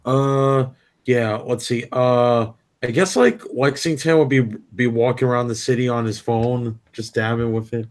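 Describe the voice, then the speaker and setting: A man's voice: medium pitch, fairly even intonation, unhurried. Rambling man from New Jersey. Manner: rambling, apologetic, restarts often. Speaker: player. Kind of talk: casual game chat.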